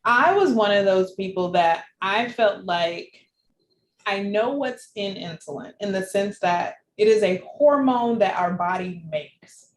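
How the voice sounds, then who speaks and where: A woman's voice: medium pitch, measured pace. Woman telling her story, echoey room. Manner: animated, laughs often while telling the story. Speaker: interview guest. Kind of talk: personal storytelling in a conversation. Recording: echoey room with faint background noise.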